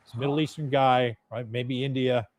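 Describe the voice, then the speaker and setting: A man's voice: mid-range voice, fairly even intonation, fairly quick, dry recording. A man telling a story as a podcast guest in a blunt, chatty, profane way. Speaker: podcast guest, UFO videographer. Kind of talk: casual storytelling.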